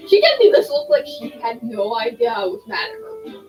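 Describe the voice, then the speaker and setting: A woman's voice: a little high, moderate pace, warm tone, low-quality recording. A woman commenting casually on a video game as she plays, chatty and rambling with self-deprecating asides. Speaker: gaming streamer. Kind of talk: casual let's-play commentary. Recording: voice over game music. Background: game music.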